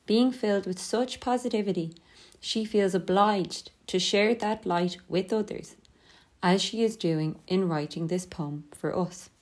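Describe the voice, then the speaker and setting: Female teacher voice, mid pitch, steady scripted lesson read, measured.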